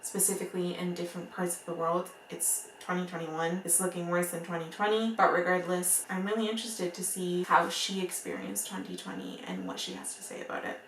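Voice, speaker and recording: Woman with an accent, book vlogger, gushing, rambling, gravelly fry, echoey room, mic set far off. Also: on the low side, a little fast, few pauses, slight background noise. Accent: noticeable accent. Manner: gushing and excitable, laughs often; rambling, full of "like" and restarts. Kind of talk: casual chat to camera. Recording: roomy echo, mic at a distance.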